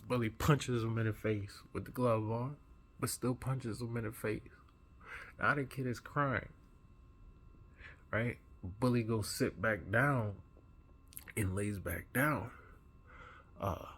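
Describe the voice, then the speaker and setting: A man with a low, husky voice recounts a dream he has just woken from. He tells it earnestly and with animation, as in a personal vlog. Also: slow, long pauses. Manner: earnest, animated retelling with acted-out quotes. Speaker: vlogger.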